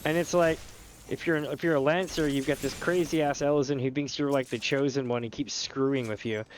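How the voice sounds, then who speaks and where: A man's voice: medium pitch, a little fast, a little hiss or hum. A man streaming a game, chatting casually and telling rambling stories with laughter. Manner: rambling, animated storyteller who often laughs and slips into voices.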